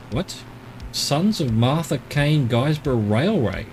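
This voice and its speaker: A man's voice: mid-range voice, animated, normal speed, soft background music. An Australian man streaming a game, chatting casually and rambling to himself as he explores. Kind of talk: casual live-stream commentary.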